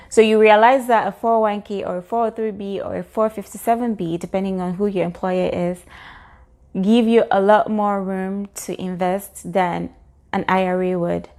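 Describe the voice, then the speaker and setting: A woman's voice: mid-range voice, a little mellow. A woman, vlogging about personal finance in an earnest, encouraging way, explaining step by step with occasional fillers. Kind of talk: explanatory talk to camera.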